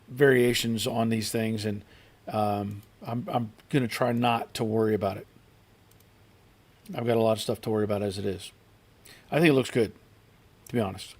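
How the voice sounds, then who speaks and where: A man's voice: on the low side, steady tone, measured pace, long pauses. A middle-aged man hosting a casual live stream from his garage, reading viewer comments aloud and greeting each one by name. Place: home garage.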